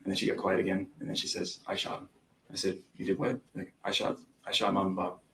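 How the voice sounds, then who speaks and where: A man's voice: sits low, level tone, fast talker, vocal fry, a bit bright, a little hiss or hum, rough recording. A young man testifying as a witness in court, recounting events hesitantly with frequent ums. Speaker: trial witness.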